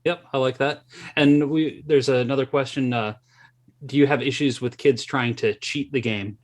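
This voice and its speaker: A man's voice: medium pitch, steady tone, moderate pace. A man hosting an interview over a video call, asking questions and giving short encouraging replies. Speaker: interview host. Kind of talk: casual interview talk.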